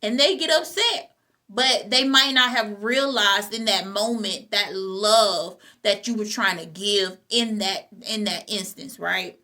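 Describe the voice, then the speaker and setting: A woman's voice: mid-range voice, slow pace, sharp tone. A woman hosting a motivational talk, speaking, repeating her key phrases and checking in with "okay?". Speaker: host.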